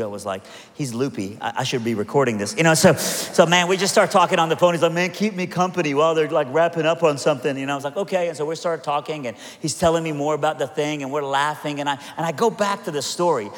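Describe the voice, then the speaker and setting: A man preaching a sermon, telling a story with lively acted-out quotes and joking asides before turning to prayer. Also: mid-range voice. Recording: long hall reverb.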